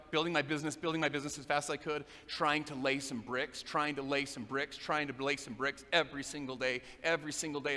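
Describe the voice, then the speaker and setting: A middle-aged man giving an energetic motivational speech on stage at a business event, repeating phrases in a driving, emphatic rhythm. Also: on the high side. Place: large event hall, live on stage. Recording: echoey hall, faint ambience.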